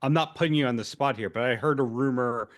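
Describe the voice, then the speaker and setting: Friendly mid-pitched male podcast host. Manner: friendly interviewer with quick interjections. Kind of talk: casual interview chat.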